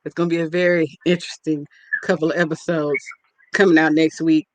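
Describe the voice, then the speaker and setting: A woman's voice: deep voice, level tone, a little fast. A woman hosting a podcast in casual chat, playful and joking, talking straight to her listeners. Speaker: podcast host.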